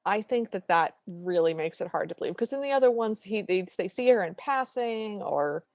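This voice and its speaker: A woman's voice: medium pitch, normal speed, dry recording. Woman chatting on a podcast, acts out lines, pretty dry mic. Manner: animated, acts out quotes in voices. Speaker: podcast co-host. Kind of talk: casual movie recap chat.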